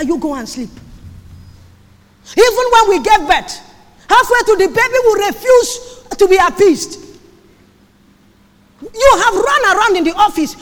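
A woman preaching a sermon on marriage, emphatic and repetitive, sometimes breaking into shouts. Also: extremely high pitch, lively intonation, moderate pace. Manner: emphatic, repeats phrases, sudden shouts. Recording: long hall reverb.

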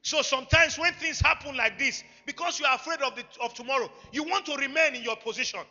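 A man preaching a sermon, emphatic, swinging between loud bursts and quiet asides. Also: very high-pitched, quick pace. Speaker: pastor. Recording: echoey hall, dull lo-fi sound, faint music.

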